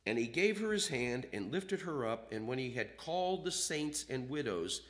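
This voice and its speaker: Animated male preacher with a lively voice. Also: mid-range voice, moderate pace. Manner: animated, acts out quoted voices, reads scripture aloud. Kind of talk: sermon.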